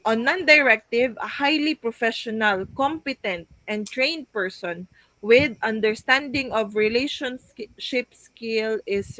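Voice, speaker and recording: A young woman with a medium-pitched, fairly bright voice presents a class report as a student, reading out her points hesitantly with frequent fillers and restarts. The recording is dry and rough.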